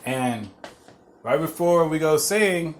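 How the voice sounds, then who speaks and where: A man's voice: a little high, lively intonation, slow pace, a little hiss or hum. A young man telling a rambling, profane story in casual chat, laughing through it as a podcast host.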